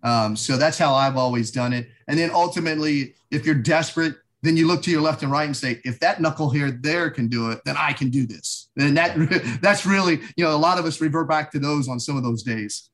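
A man's voice: on the high side, brisk, fairly bright tone. A man who is a guest in an interview and a former military instructor, speaking in an upbeat, motivational coaching way. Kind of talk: conversational interview.

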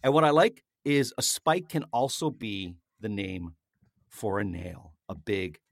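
A man's voice: fairly low pitch, sing-song, measured pace, vocal fry, no room sound, studio quality. A man hosting a show, chatting casually while he mixes a cocktail and explains each step. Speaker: cocktail-making host. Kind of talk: casual chat while mixing a drink.

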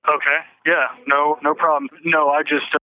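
A man's voice: fairly high pitch, flat delivery, no room sound. Man recounting events over tinny phone. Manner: halting, repeats himself, restarts sentences. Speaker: interview guest. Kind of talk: emotional personal account.

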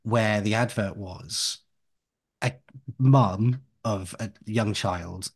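A man with a lowish voice, talking at home in a relaxed podcast chat. He rambles and drifts off on tangents, with laughing asides along the way. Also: very slow, breathy edge. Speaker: podcast co-host.

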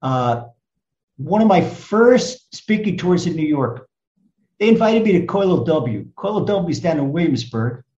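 Animated older rabbi in a roomy space. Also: male voice, fairly high pitch, measured pace, highs cut off. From United States. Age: 70s. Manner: emphatic, swings from loud to hushed. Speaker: rabbi and guest speaker. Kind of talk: animated storytelling in conversation.

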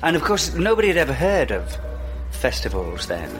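A man in his sixties from Hull with a Yorkshire accent, a festival organiser answering interview questions with halting restarts. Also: on the high side, wildly swooping pitch, a bit bright. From Hull, England. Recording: music playing behind.

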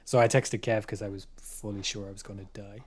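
Guy with a lowish voice rambling through a story on a podcast, trails off into whispers. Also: little pitch movement, brisk. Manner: meandering, hesitant, drops to whispers in quoted thoughts. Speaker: podcast co-host. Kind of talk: casual storytelling chat.

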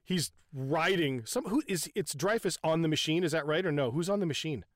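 Excitable high-voiced man recapping a film. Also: a little fast, no room sound, clean studio sound. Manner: excitable, swears often, laughs while telling. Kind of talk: casual chat recapping a film scene.

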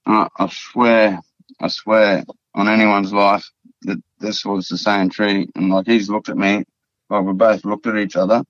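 A man's voice: lowish voice, level tone, a little slow, no echo. An Australian man from the Northern Territory, telling a story as a podcast guest in a casual, rambling way full of fillers and swearing. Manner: rambling, profane, repeats words and fillers. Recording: dull, dry lo-fi podcast audio.

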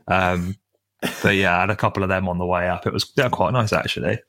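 A young man, co-hosting a casual football podcast in a relaxed, halting way. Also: sits low, no echo. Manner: relaxed, hesitant with fillers, laughs while telling stories. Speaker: podcast co-host.

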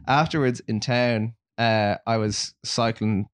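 A man's voice: mid-range voice, fairly even intonation, slow pace, dry recording, studio quality. A man with an Irish accent, co-hosting a casual podcast, telling wry anecdotes. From Ireland. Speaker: podcast co-host. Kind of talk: casual chat.

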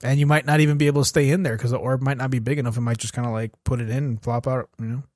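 A man's voice: mid-range voice, flat delivery, racing, a little mellow, no room sound, studio quality. A man co-hosting a casual podcast who jokes crudely and sarcastically. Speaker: podcast co-host. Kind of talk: casual chat.

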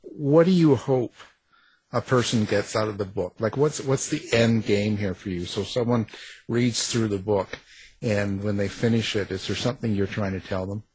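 A man interviewing an author, asking relaxed questions and making joking asides. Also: fairly low pitch, normal speed, husky, poor audio.

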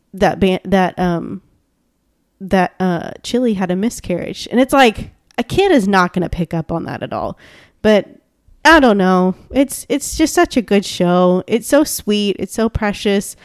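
Chatty woman gushing away, lots of "like"s, mid pitch, dry close mic. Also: darkish tone, dry recording. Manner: gushing, chatty, full of "like" and restarts. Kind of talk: casual chat.

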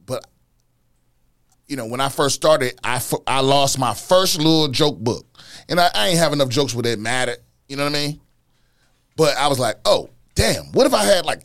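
A man hosting a casual podcast, ranting in a profane, animated way and repeating himself as he gets worked up. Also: fairly high pitch, no echo, clean studio sound. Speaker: podcast host, comedian.

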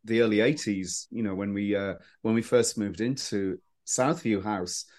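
A man's voice: lowish voice, moderate pace. A man appearing as a podcast guest, telling anecdotes in casual chat with lots of restarts. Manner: animated storyteller with frequent restarts.

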